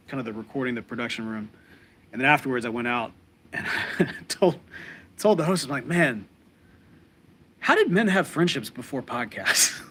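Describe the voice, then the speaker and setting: A middle-aged man with a drawl chats casually as a podcast co-host. He rambles warmly, restarting sentences and leaning on fillers as he talks to his viewers. His pitch sits in an ordinary middle range. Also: a little hiss or hum. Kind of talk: casual live-stream chat with viewers.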